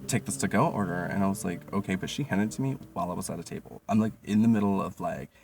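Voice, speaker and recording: A man in his thirties telling comic stories in a casual, profane, animated way, full of fillers. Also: sits low, rapid-fire, creaky, slight background noise. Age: 30s. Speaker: storyteller.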